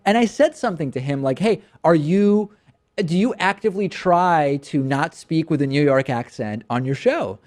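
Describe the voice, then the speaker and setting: A man's voice: a little high, moderate pace, few pauses. Chatty male talk show host. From Massachusetts. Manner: conversational, animated storytelling with frequent restarts. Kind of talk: answering audience questions.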